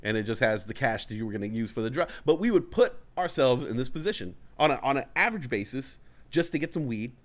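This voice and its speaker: A man's voice: medium pitch, expressive, fast talker. Profane rambling man telling stories. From California Bay Area. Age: adult parent of a young child. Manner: rambling, profane, acts out shouted quotes. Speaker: show host. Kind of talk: casual storytelling chat.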